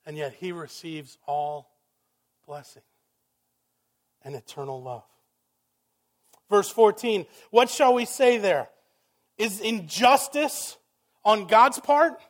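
A man preaching a sermon, emphatic, firing rhetorical questions and swinging from loud exclamations down to hushed, quiet passages. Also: high voice, animated, a little slow, pauses often. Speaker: pastor.

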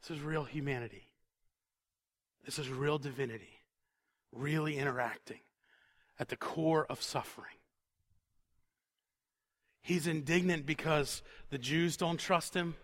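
A man preaching a conversational sermon who repeats words for emphasis and sinks to a quiet, intense tone on solemn points. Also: fairly high pitch, measured pace, pauses often.

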